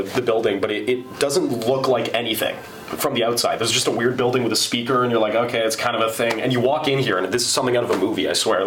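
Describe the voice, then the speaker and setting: A man's voice: fairly low pitch, a bit bright. Chatty young man in a roomy station. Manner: loose, chatty storyteller, heavy on "like". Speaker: campus radio show host. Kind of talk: casual anecdote telling. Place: radio station. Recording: roomy room with faint noise.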